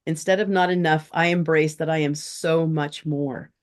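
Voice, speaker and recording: Soft-spoken, halting woman in a coaching group. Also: sits low, fairly even intonation. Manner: halting, with hesitant restarts. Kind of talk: casual sharing in a group session.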